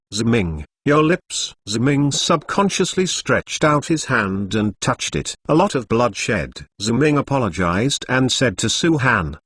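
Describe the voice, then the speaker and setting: A man's synthetic voice narrates a novel in a machine-like read, saying punctuation aloud. His pitch moves a lot, and the sound is dry and close with no room around it. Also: a bit bright, breathy edge, no room sound.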